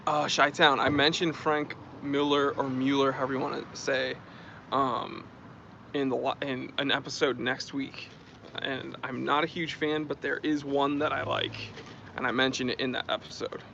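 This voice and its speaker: A man's voice: mid-range voice, little pitch movement, moderate pace, creaky, pushed and bright, a little hiss or hum. A man hosting a casual live stream, chatting and reading out and thanking viewer comments. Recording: dull lo-fi stream audio.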